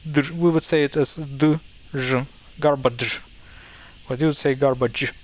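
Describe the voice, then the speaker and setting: A man's voice: a little high, fairly even intonation, darkish tone, poor audio. A man with a Ukrainian accent casually explaining how words are pronounced, stopping and correcting himself often. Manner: halting, self-correcting, thinks aloud. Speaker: language teacher.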